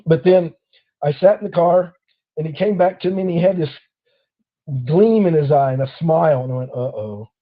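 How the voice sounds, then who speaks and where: A man's voice: fairly high pitch, moderate pace, phone-quality sound. A man hosting a casual talk, telling a long personal story and acting out the voices of people in it. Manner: animated storyteller acting out quoted officers. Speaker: host.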